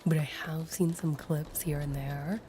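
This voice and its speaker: A woman's voice: deep voice, steady tone, unhurried, background noise. A woman giving casual, chatty commentary while playing a video game. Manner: chatty, offhand. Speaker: gamer streamer.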